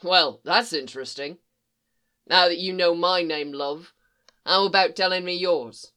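Reader doing a British male rogue, British accent, sardonic, swearing, bright tone, audiobook. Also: mid-range voice, unhurried, clear, resonant tone. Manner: sardonic, wry, swears casually. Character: roguish British male occult detective. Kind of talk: audiobook reading.

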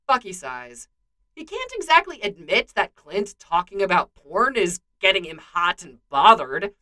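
A woman reading fan fiction aloud with expressive storytelling. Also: fairly low pitch, unhurried. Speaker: narrator.

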